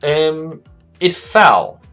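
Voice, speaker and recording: A man's voice: on the high side, big pitch swings, extremely slow, pushed and bright, faint music behind. A man hosting a casual live stream about trading, chatting loosely and reading viewer messages aloud. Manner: rambling and chatty, reads viewer chat aloud. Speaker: livestream host, forex trading analyst.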